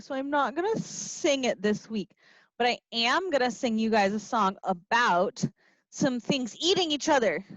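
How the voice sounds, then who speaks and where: A woman teacher reading a picture book and singing to young children in an expressive, playful way, with little gasps and asides. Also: a little high, dry recording. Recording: dry, slightly dull lo-fi sound.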